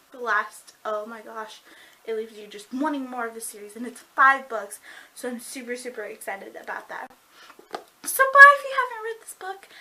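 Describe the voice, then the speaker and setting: Young woman, high voice, bright tone, bubbly, giggly, casual book review vlog. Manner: bubbly, giggly, fast, lots of "like".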